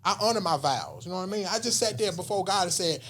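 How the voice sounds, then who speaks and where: A man's voice: high voice, animated, quick pace, a bit bright. A man, telling a story in casual, slangy talk and acting out voices and whispers. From Southern US. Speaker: podcast guest.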